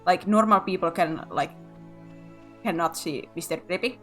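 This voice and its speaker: A woman's voice: lowish voice, normal speed, a bit bright, faint music behind. A woman streamer chatting casually over a game, giggling and tripping over her words. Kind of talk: casual gameplay chat.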